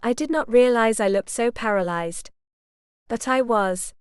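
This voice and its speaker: A woman narrating a romance audiobook in the first person, with light, steady storytelling. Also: on the high side, a little slow, clear, resonant tone, no room sound, studio quality.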